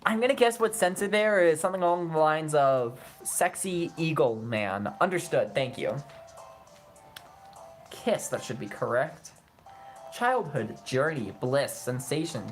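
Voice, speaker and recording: A young adult woman giving casual let's-play commentary, playful and teasing, swinging fast between moods. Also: deep voice, animated, faint music behind. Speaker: gaming streamer.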